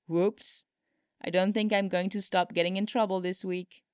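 A woman voicing an excitable young male pop singer who swears in giddy bursts, in a storybook reading. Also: mid-range voice, normal speed, clean tone, dry recording, clean studio sound, pitched above the performer's own voice, lightly acted. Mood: playful.

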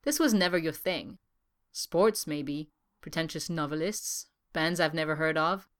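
A woman's voice: low voice, unhurried. A woman voicing a brash, swearing male artist who talks bluntly and sardonically. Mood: sardonic.

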